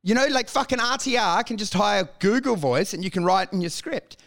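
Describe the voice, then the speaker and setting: A man, a comedian co-hosting a podcast, in crude casual banter, swearing constantly and acting out quotes loudly. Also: high-pitched, fairly quick. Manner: animated, swears constantly, acts out quotes in raised voice.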